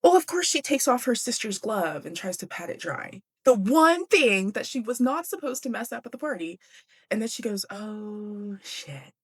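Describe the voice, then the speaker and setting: A woman's voice: fairly high pitch, big pitch swings, moderate pace, breathy edge. A young woman hosting a book podcast, chatty and giggly, casually swearing as she recaps a classic novel.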